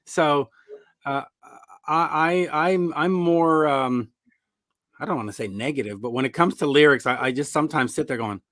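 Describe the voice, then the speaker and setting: A man guesting on a podcast as a rock music commentator, telling animated stories and acting out fans' surprised reactions. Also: fairly high pitch, moderate pace, dry recording, studio quality. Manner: sardonic about song lyrics. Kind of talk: casual interview chat.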